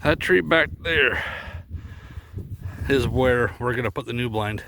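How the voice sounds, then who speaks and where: A man's voice: medium pitch, a little slow, sharp tone, slight background noise. A man casually vlogging while walking through snowy bush, rambling with fillers and getting out of breath. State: out of breath in deep snow. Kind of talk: casual outdoor vlog.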